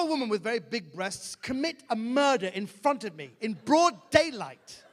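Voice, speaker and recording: Animated high-voiced male stand-up comic. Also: moderate pace, hardly any pauses. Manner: animated, shifts into mock voices and shouts punchlines. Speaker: stand-up comedian. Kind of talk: live stand-up comedy. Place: large theatre stage before a laughing audience. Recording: live theatre recording with long hall reverb.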